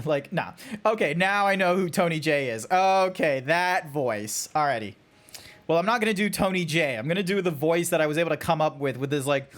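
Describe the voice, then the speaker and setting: A man's voice: on the high side, expressive, moderate pace. A man with an Australian accent chatting casually while streaming a game, swearing and laughing easily. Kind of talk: casual gaming livestream chat.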